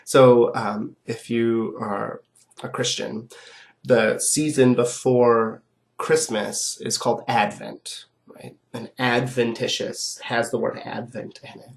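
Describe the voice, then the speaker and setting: Gravelly, sick-sounding male lecturer. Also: medium pitch, flat delivery, takes it slowly. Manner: conversational, checks in with frequent "right?"; explains step by step with examples. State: sick, rough voice with coughing. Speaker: philosophy lecturer. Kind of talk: recorded lecture.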